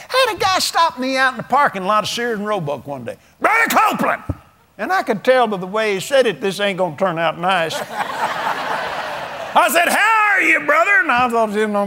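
Chuckling through stories, a seventies-aged preacher gives a folksy sermon in drawling, everyday talk. His voice sits high, bright and forceful, with slight background noise behind it.

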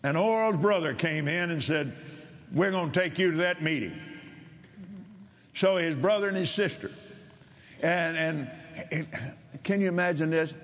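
An older man preaching, telling a story in a halting way with repeated words, then rising to loud, emphatic preaching. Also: a little high. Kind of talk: sermon storytelling.

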